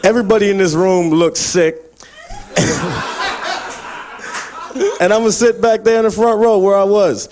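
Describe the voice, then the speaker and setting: A man's voice: high voice, steady tone, measured pace, long pauses, background noise. A man doing a stand-up roast set, boastful and trash-talking, often breaking into laughs. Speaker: roast comic.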